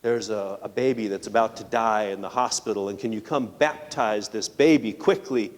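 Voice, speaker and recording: Animated preaching man in reverberant church. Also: fairly low pitch, moderate pace. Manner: animated, conversational, asks the congregation rhetorical questions. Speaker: pastor. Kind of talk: sermon. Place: church sanctuary.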